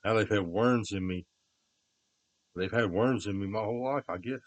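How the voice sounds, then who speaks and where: A man talking unscripted to himself and others, rambling, drifting from low muttering to repeated loud shouts. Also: normal speed, dry recording, highs cut off.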